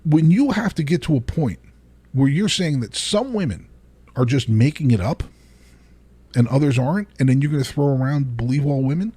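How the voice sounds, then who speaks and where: A man hosting his own podcast, talking alone in an animated, exasperated way, often restarting his sentences and laughing between points. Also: mid-range voice, moderate pace, husky. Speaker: podcast host. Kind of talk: solo commentary monologue.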